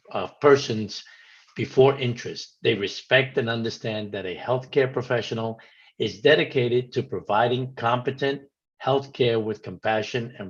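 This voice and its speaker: A man, the medical director, giving a measured formal webinar address from prepared remarks. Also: mid-range voice, husky, dull audio.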